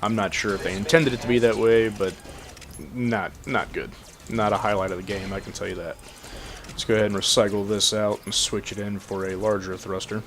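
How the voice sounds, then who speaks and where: Laid-back low-voiced male gamer. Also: flat delivery, a little fast, fairly bright tone. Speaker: gameplay commentator. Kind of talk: casual gameplay commentary.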